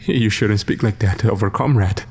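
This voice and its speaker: Narrator doing laid-back tired soldier, low voice, understated. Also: male voice, normal speed, vocal fry, a little mellow, long reverb tail, slight background noise. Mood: amused.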